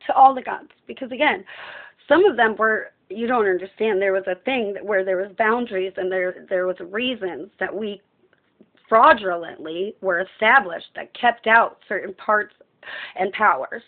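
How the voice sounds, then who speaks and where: A woman's voice: mid-range voice, moderate pace. Woman ranting with phone-line tinniness. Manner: impassioned, profane, ranting. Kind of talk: emotional personal monologue. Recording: tinny phone-like sound.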